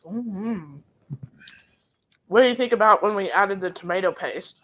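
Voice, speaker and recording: A woman co-hosting a live cooking stream, reading viewer comments aloud. She talks slowly and unhurriedly, with plenty of ums. Her voice sits at an ordinary pitch. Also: fairly bright tone, lo-fi sound. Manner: slow, unhurried, lots of ums. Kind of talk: casual chat, reading out chat comments.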